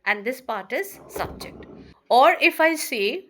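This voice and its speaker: Woman, English teacher, grammar lesson, fairly high-pitched, slow stressed examples. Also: animated, sharp tone. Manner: slow, emphatic reading of example sentences, with fillers.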